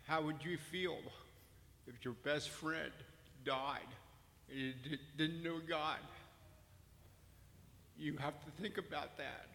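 Man, church testimony, halting and earnest, reverberant hall, faint room noise. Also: a little high, bright, forceful tone. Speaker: church member giving testimony. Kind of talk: personal testimony. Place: church sanctuary.

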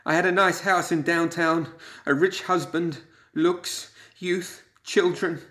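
A man's voice: a little high, fairly even intonation, slow pace, bright, forceful tone, pitched above the performer's own voice. A man voicing a broken, vengeful widow who shrieks and weeps in an audiobook. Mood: shrieking grief. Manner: shrieking then weeping.

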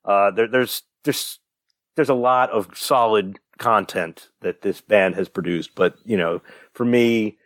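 A man's voice: on the low side, unhurried, fairly bright tone, no echo, clean studio sound. A young man, a podcast co-host, rambling through a casual story with lots of fillers and the odd swear. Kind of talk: casual chat.

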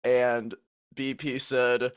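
A man's voice: medium pitch, flat delivery, very slow, clean tone. A man hosting a casual podcast chat, asking the others questions in a hesitant way.

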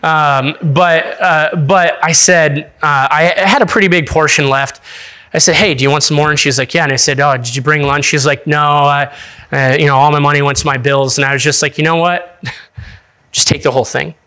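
A man's voice: a little high, fairly even intonation, moderate pace, pushed and bright, smooth. A young adult man, an associate pastor, preaching in a casual storytelling way, laughing often and restarting his sentences.

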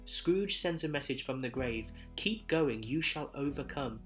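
A cheerful ghost, voiced by a man reading aloud, with a slightly raised, gentle way of speaking. It sounds solemn and kindly, with faint guitar music behind. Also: mid-range voice, expressive, measured pace, lightly acted. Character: cheerful trilling ghost of Christmas past.

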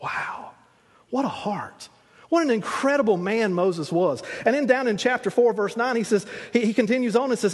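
Man, sermon, high voice, chatty storytelling, echoing hall. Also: lively intonation, moderate pace, slightly rough. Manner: retells scripture as vivid, conversational storytelling with frequent restarts. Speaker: preacher.

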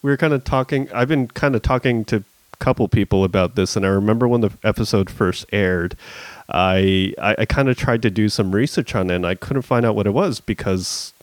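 A man's voice: on the low side, fairly quick, no echo. A man co-hosting a podcast, chatting casually about a TV episode, laughing often and quoting others. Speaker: podcast co-host. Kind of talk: casual chat recapping a TV episode.

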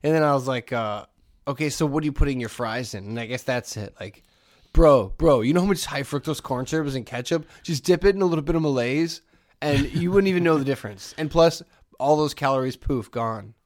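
A man's voice: medium pitch, a little fast. A man co-hosting a podcast in casual chat, joking and riffing with absurd comparisons. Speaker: podcast co-host.

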